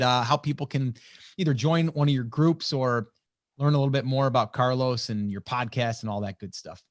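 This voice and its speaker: A man's voice: medium pitch, normal speed, no room sound. Male podcast host, mid-range voice, dry studio sound, encouraging tone. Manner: sympathetic, encouraging listener. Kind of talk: casual interview chat.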